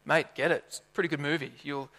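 A man preaching a sermon with a high, bright voice. He talks in a lively, conversational way and keeps asking the congregation rhetorical questions. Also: quick pace, big-room sound.

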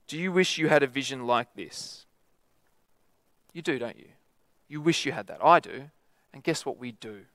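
A man's voice: mid-range voice, lively intonation, normal speed, long pauses, fairly bright tone, dry recording. A man preaching a sermon in a conversational way, often adding tag questions.

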